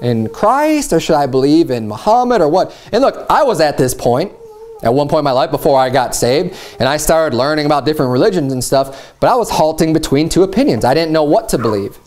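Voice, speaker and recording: A man preaching a sermon, retelling a scripture story in a casual, animated way and acting out quoted lines in a raised, mocking voice. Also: a little high, brisk.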